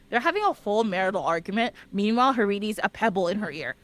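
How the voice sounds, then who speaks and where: A woman podcast host retelling a legend in a casual, animated way, often laughing and talking straight to listeners. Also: medium pitch, fast, hardly any pauses, dry recording. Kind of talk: casual storytelling.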